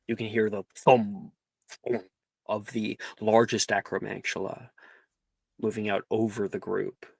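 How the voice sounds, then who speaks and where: A man narrates a tabletop game as its game master, unhurried and peppered with ums and likes. His voice has a gravelly fry and moves at a slow pace. The sound is dry and close. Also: lowish voice, little pitch movement, darkish tone, no room sound.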